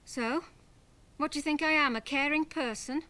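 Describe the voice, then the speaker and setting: A brusque female comedy club owner in a radio play. She speaks in a high, bright voice and her replies are short and sarcastic. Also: normal speed. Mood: curt. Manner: curt, sarcastic.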